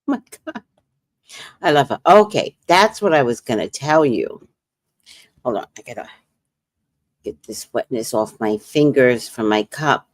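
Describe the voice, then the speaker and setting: Low-voiced woman hosting a livestream. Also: measured pace, long pauses, no echo, clean studio sound. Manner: animated storytelling, acts out dialogue. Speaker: livestream host and psychic reader. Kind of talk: casual livestream chat.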